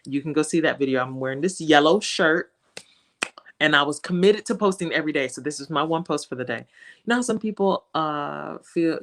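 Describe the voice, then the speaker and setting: Animated woman guest, laughs easily. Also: deep voice, moderate pace. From West Africa. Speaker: guest, social media creator. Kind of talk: casual interview chat.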